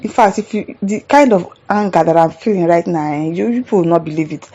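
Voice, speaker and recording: A woman's voice: lowish voice, brisk, warm tone, muffled recording. A woman with a Nigerian accent hosting a commentary show, reacting to viewer comments in an exasperated, indignant rant.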